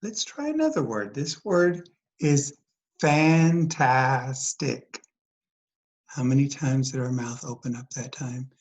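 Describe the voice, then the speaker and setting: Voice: medium pitch, expressive, normal speed, darkish tone, low-quality recording. A teacher giving a recorded phonics lesson, speaking patiently, repeating each word and asking the listener questions. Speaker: dyslexia teacher.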